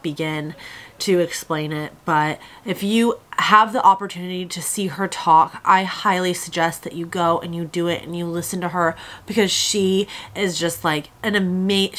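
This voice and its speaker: A woman's voice: on the low side, a bit bright. A young woman chatting in a casual vlog, gushing and emotional, close to tears. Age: young adult. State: tearful. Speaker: vlogger.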